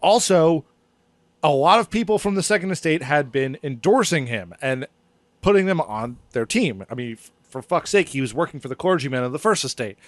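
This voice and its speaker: A man's voice: on the high side, expressive, moderate pace, no echo. A man hosting a comedy history podcast, reading from his script in a rambling, laughing, swearing way. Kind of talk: casual comedic history chat.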